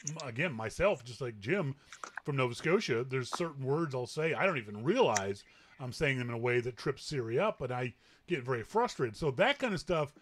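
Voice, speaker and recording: A Canadian man hosting a tech talk show, chatting casually, laughing easily and restarting his sentences. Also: fairly high pitch. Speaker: podcast host.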